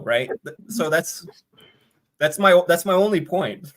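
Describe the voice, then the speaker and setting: A man's voice: a little high, animated, a little slow, fairly bright tone. A man talking on a video call in a casual political discussion, rambling with many restarts and putting on mock voices to quote others. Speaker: open mic panelist.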